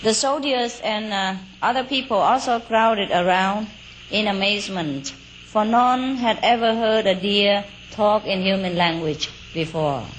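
Woman telling a story real slow, chatty asides, faint crickets in the background. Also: medium pitch, rough recording. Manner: unhurried, chatty asides with fillers and little laughs. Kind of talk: casual oral storytelling. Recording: faint outdoor cricket noise.

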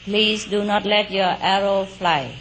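A woman voicing a noble male golden deer in a folk tale, speaking in a measured, dignified way. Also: medium pitch, steady tone, fairly bright tone, a little hiss or hum, natural voice, poor audio.

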